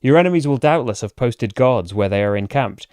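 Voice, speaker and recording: A man reading the lines of a hooded mysterious stranger in a calm, flat, accentless delivery. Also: medium pitch, a little fast, clean tone, no room sound, clean studio sound, close to an everyday voice. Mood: measured.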